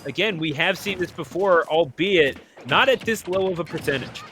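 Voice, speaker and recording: A man commentating an online video game tournament play-by-play, excitable and joking, laughing often. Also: a little high, moderate pace, a little hiss or hum. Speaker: esports commentator.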